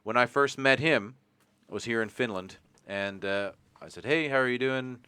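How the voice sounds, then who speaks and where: A man's voice: mid-range voice, normal speed, sharp tone, clean tone, no echo. A Canadian man with a Canadian accent hosting a casual podcast chat, rambling and joking, swearing now and then. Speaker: podcast host.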